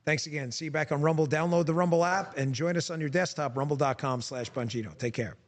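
A man's voice: a little high, fast. A man hosting a podcast, speaking in a direct, emphatic way and repeating points for effect. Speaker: podcast host. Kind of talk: interview and show sign-off.

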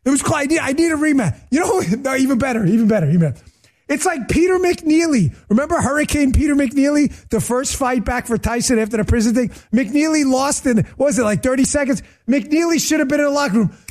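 Animated, joking male podcast host. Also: very high voice, brisk. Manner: animated, joking, talks to his producer mid-show. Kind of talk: casual political rant.

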